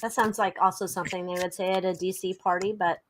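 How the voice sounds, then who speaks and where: A woman's voice: on the low side, steady tone, quick pace, noisy background. A woman co-hosting a live tarot stream, chatting playfully and greeting viewers in a sing-song way. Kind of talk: casual chat.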